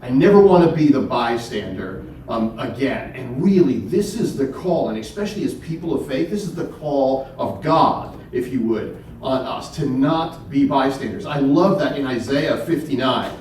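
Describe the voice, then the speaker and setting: A man's voice: medium pitch, expressive, moderate pace, few pauses, a little mellow, slight background noise. A middle-aged man giving a faith-based keynote talk, telling stories in an earnest, emphatic way with repeated words. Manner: earnest, storytelling, emphatic repetition. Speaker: keynote speaker. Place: church hall. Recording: echoey hall from far off.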